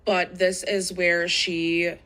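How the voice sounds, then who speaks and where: Slow, blunt woman in a played clip. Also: lowish voice, flat delivery, sharp tone.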